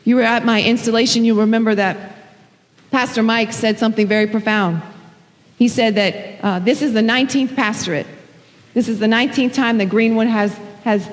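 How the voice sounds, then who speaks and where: A woman's voice: on the high side, fairly even intonation, brisk. A woman pastor preaching an impassioned sermon in a church, often repeating her phrases and breaking into exclamations. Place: church sanctuary. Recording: hall reverb.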